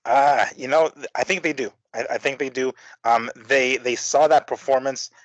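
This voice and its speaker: A man's voice: medium pitch, fairly even intonation, normal speed, no room sound. A man co-hosting a boxing podcast, chatting casually and rambling with lots of fillers, restarts and the odd swear word. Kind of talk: casual chat. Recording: dry, slightly dull audio.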